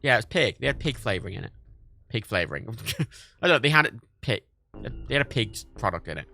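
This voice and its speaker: Animated man streaming a game. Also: fairly quick. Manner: animated, swings high when indignant, swears freely. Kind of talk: casual gaming stream chat.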